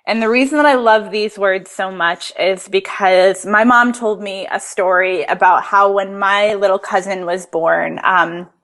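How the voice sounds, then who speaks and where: A woman's voice: mid-range voice, measured pace, few pauses, a bit bright. A young adult woman, a podcast guest, talking in a heartfelt, earnest way and filling her speech with "like.". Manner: earnest, fillers like "like" throughout. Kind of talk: casual heartfelt conversation.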